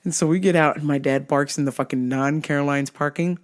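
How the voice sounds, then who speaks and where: A woman's voice: deep voice, steady tone, a little fast. A woman hosting a comedy podcast, telling a story with profane, exaggerated delivery. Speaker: podcast host.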